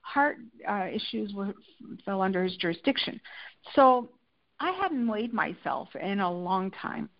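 A woman being interviewed as a guest, telling personal stories in a candid, animated way and acting out the quotes. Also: medium pitch, a little slow, lo-fi sound. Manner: animated, tells anecdotes with acted-out quotes. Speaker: interview guest, lifestyle and food editor. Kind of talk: candid conversational storytelling.

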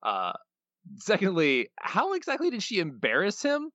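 A man's voice: sits high, wildly swooping pitch, normal speed, a bit bright, no echo. A man co-hosting a podcast, chatting casually and making dry, sarcastic remarks. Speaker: podcast co-host. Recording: slightly dull, muffled audio.

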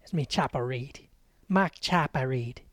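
A man doing a lowered, drawling impression of a tough male Australian criminal, with a put-on Australian accent. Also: measured pace, no room sound, clean studio sound, close to an everyday voice. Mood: tough bravado.

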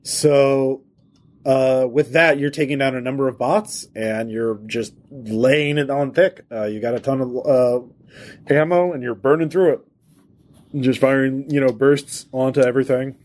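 A man's voice: medium pitch, unhurried, a little mellow. A man narrating as game master for a tabletop game, in a loose, chatty way with frequent laughter.

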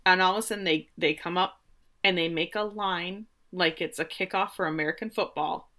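A woman's voice: on the low side, a little fast. Emotional woman gushing over a recap. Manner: emotional, animated retelling with swearing. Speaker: podcast co-host. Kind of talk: casual recap chat.

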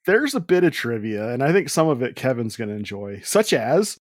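A man's voice: medium pitch, big pitch swings, fairly quick, no room sound, studio quality. A man co-hosting a casual movie review chat, reading out trivia and correcting the others. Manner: matter-of-fact, corrects others, reads trivia. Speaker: podcast co-host.

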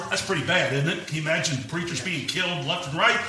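A middle-aged man preaching a sermon, emphatic and animated, with folksy asides and chuckles. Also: on the high side, brisk, hardly any pauses. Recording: echoey room, mic far off.

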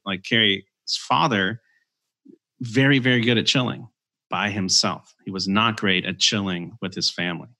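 Entrepreneur guest, male, low voice with a bright, forceful edge; lays out ideas step by step. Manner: explains ideas in structured steps, filler-heavy. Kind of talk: conversational interview.

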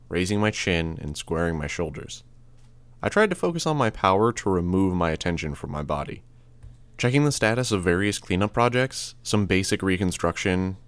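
A man narrates a first-person audiobook in a steady, measured voice. His pitch sits a little low. He keeps an even, unhurried read. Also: clean tone, no echo.

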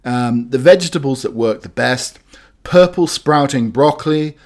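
A man's voice: mid-range voice, unhurried. A man hosting radio, chatting and reading news items in a rambling, hesitant way with many fillers. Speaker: radio host.

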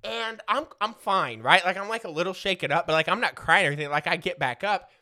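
A man's voice: high-pitched, quick pace, sharp tone. A man in his forties telling a rambling, profane childhood story in a casual comedic way, laughing often.

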